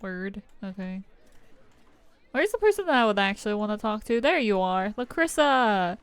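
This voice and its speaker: A woman's voice: medium pitch, very animated, normal speed, smooth, no echo. A woman streaming a game, chatting casually, giggling and swearing as she reacts. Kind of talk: casual let's-play commentary.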